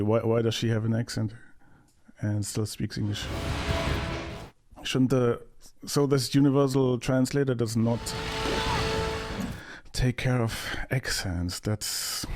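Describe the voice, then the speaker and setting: A man's voice: on the low side, darkish tone. Male movie reactor, casual, sarcastic and mocking. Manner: sarcastic, mocking, bursts of laughter.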